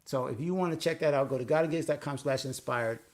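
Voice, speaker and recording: A man hosts a faith-based coaching live stream, talking quickly in a medium-pitched voice. His casual delivery is earnest and conversational, rambling with frequent restarts.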